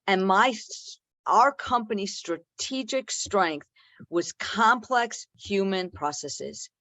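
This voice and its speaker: A speaker on a video call with a medium pitch, set in a dry, close sound with no room echo. They explain their background in a calm, measured way. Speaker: party officer candidate presenting plans.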